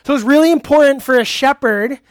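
With a high-sitting voice and a brisk delivery, a youth pastor leads a casual, interactive sermon in a church hall. He asks the audience questions, laughs easily, and uses lots of fillers, and the recording has a clean studio quality.

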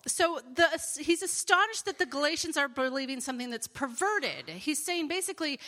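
Woman Bible teacher, higher voice, bright and forceful, earnest and chatty. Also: normal speed. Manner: earnest and expressive, with fillers.

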